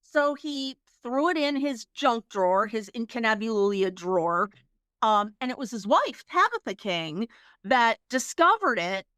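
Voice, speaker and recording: A woman's voice: a little high, big pitch swings, measured pace, a bit bright, clean tone, no room sound, studio quality. A woman co-hosting a podcast, chatting casually and telling stories with laughs and frequent restarts. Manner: chatty storyteller, laughs, many restarts and fillers. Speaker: podcast co-host. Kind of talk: casual chat.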